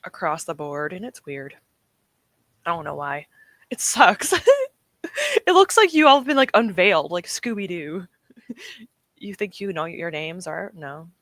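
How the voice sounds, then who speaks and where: A woman's voice: fairly low pitch, fairly bright tone, no echo. A woman hosting a casual livestream, chatty and self-deprecating as she answers her chat, emotional and close to tears, with a sore throat. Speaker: livestream host.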